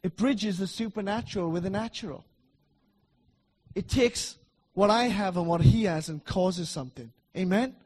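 Emphatic and repetitive, a middle-aged man delivers a church sermon, shifting from loud declarations to soft asides. His voice is high-pitched with a breathy edge, at normal speed.

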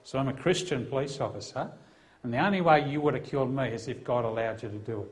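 A man's voice: mid-range voice, fast talker. A middle-aged Australian man, a Christian police officer, telling an emphatic testimony as a preacher. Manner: earnest, emphatic storytelling.

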